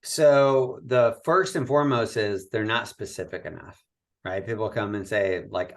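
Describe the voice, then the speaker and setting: A man talking as a guest in a podcast interview, coaching in an animated way and often ending his points with a quick "right?". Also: fairly low pitch. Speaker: real estate coach, guest.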